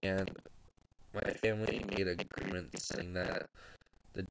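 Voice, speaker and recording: Tearful teenage boy, low gravelly voice. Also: little pitch movement. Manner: halting and hesitant, trailing off and restarting. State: tearful, on the verge of crying. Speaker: gaming YouTuber. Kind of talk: emotional farewell vlog. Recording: noisy home recording with clicks.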